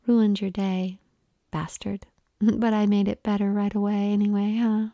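A woman's voice: medium pitch, level tone, measured pace, dark tone, dry recording, highs cut off, close to an everyday voice. Summer, a teasing young woman in whispered role-play, as a woman reads her. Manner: teasing, blunt. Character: young woman, playful, bold lover.

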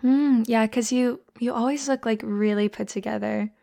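A woman's voice: fairly high pitch, fairly even intonation, moderate pace, creaky, dry recording, clean studio sound. A woman doing a teasing, whispery young friend. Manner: soft teasing whispers and giggles. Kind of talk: whispered role-play.

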